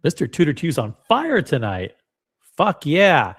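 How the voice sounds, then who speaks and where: A man's voice: a little high, wildly swooping pitch, a little slow, husky. A man hosting a casual livestream, rambling and joking at his own expense as he chats to viewers. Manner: rambling, joking, self-deprecating. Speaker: livestream host.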